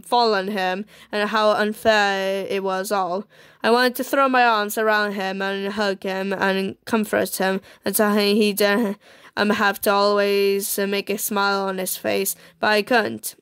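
A woman's voice: mid-range voice, level tone, fairly bright tone, clear, resonant tone, no echo. A woman reading a romance visual novel aloud, stumbling and restarting words often. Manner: halting, with frequent fillers and restarts on words.

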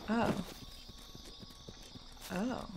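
A woman streaming a video game live talks to herself casually, chatty and swearing. She speaks very slowly, and the background is noisy.

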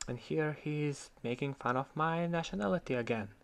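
A man's voice: fairly high pitch, moderate pace, vocal fry. Heated man ranting. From Croatia. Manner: heated, sarcastic, swears freely. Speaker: vlogger. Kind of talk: ranting commentary on an online argument.

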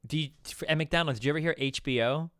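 Bright-voiced man venting fast with heavy swearing. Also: on the high side, smooth, dry recording, clean studio sound. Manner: profane, heated venting about past jobs. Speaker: podcast co-host. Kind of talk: casual podcast chat.

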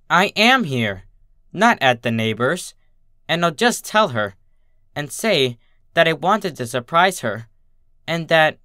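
Slow, halting, bright-voiced male storyteller. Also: on the high side, no echo, studio quality. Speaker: fanfiction reader. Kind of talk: first-person story narration.

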